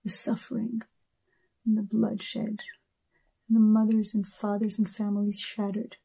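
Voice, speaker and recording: A middle-aged Israeli woman speaking straight to her audience from the heart. Her voice is warm and a little husky, and she stresses her points by repeating words. Her pitch sits in the middle for a woman. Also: monotone, a little slow. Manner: earnest, emotional, repeats words for emphasis. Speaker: singer speaking to fans. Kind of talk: heartfelt personal address to camera.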